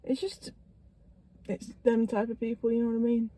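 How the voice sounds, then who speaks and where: A young woman, chatting casually as a podcast co-host, quick to chime in and laugh. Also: fairly high pitch, completely flat delivery, warm tone. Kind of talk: casual chat.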